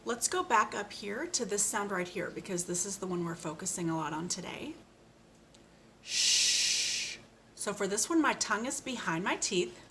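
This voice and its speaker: A woman giving a slow, patient speech lesson to a child, modeling each sound with care. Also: mid-range voice, animated, a bit bright, a little hiss or hum. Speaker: speech therapist.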